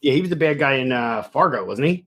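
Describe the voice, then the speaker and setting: A man co-hosting a casual comedy podcast, easygoing and quick to agree and chime in. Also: mid-range voice, animated, fairly bright tone. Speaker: podcast co-host.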